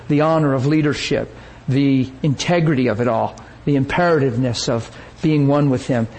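A man preaching a sermon, telling a story with lively energy and acting out the people he quotes. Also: a little high, slightly rough, poor audio.

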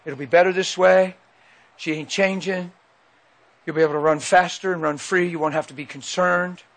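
A man voicing a hushed, coaxing spirit. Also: high voice, fairly even intonation, normal speed. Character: soft, coaxing spirit voice, male, claiming divine authority.

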